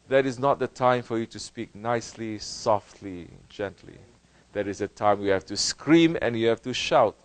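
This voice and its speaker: A man teaching a Sufi sermon speaks with passion, swinging between loud outbursts and hushed lines and leaning on rhetorical questions and repetition. His pitch is medium; the audio is poor, with no room sound.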